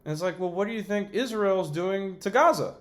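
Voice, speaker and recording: A man's voice: high-pitched, fairly quick. A man hosting a podcast, ranting about politics in a heated, profane way with sarcastic asides. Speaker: podcast host.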